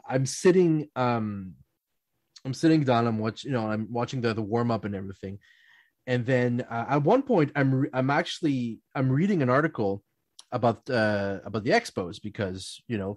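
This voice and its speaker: A man hosts a casual sports podcast, spinning animated stories with easy laughter. His pitch sits in the middle range. The sound is dry and close, with almost no room around it. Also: no room sound. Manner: animated anecdotes, quotes others in playful voices, laughs often. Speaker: podcast host. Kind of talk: casual storytelling chat.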